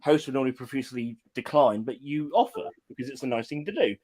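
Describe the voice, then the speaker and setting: Lively, chatty host. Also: male voice, medium pitch, fast talker. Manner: chatty, laughs often, trails off with fillers. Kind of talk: casual chat.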